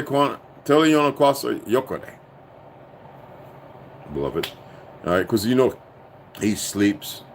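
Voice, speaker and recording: A man hosting a casual livestream, rambling and profane, dropping from low muttering to loud outbursts. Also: slight background noise. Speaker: livestream host.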